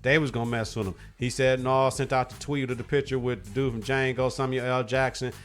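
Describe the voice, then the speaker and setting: A man's voice: medium pitch, fairly even intonation, fairly quick, soft background music. A man hosting a podcast, giving blunt, profane opinions in casual chat. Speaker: podcast host.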